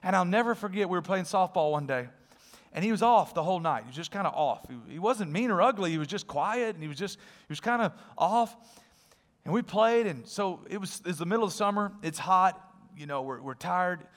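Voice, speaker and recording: A male pastor preaching a sermon, telling stories in an animated way and dropping to a hushed, earnest tone. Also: high-pitched, brisk, big-room sound. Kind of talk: sermon with storytelling.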